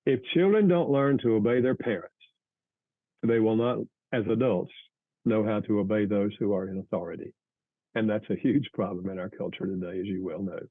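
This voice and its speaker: A man's voice: fairly low pitch, no room sound. Earnest man on a tinny phone line. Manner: earnest, measured teaching tone with frequent restarts. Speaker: author and guest. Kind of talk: advice in an interview.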